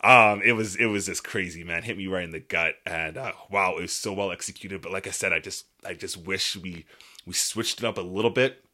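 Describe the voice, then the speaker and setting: A man co-hosting a podcast, reviewing a film in casual chat, excitable and emphatic. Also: sits low, a little fast. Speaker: podcast co-host.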